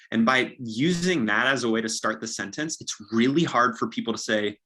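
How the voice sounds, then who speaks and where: A man's voice: mid-range voice, normal speed, few pauses, a bit bright. A young man, a real estate agent, giving upbeat, practical coaching in a casual way and acting out sample dialogues.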